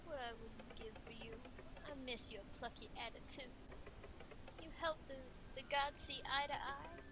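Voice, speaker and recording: Game role: woman playing a grieving romantic, poetic and sorrowful, higher voice. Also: recorded from a distance, background noise. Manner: mournful, poetic lament. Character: melancholy, lovelorn game mourner. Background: game music.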